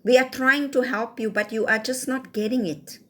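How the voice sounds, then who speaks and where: A woman's voice: fairly high pitch, fairly even intonation, moderate pace. Scolding South African woman. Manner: scolding, lecturing, rhetorical. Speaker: vlogger. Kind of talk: casual rant to camera.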